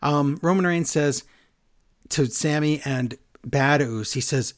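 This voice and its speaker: Guy recapping wrestling, kinda high voice, gets really animated. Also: measured pace. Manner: animated, acts out quotes in exaggerated voices. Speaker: podcast co-host recapping wrestling. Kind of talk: casual chat.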